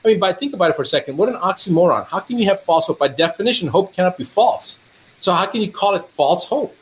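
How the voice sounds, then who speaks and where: Animated storytelling male doctor. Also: fast talker, slight background noise. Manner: animated, acts out dialogue with rising pitch. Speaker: doctor guest. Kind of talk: storytelling in conversation.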